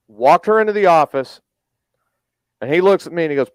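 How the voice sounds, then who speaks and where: A man's voice: on the high side, expressive, normal speed, long pauses, no room sound. A man telling a blunt, profane story in a casual chat, acting out the quoted lines of each person in it.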